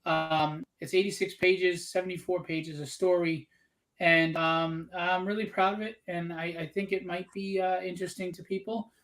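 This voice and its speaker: A man's voice: high-pitched, fairly even intonation, moderate pace, fairly bright tone. A man co-hosting a casual live drawing stream, chatting and joking while plugging his book.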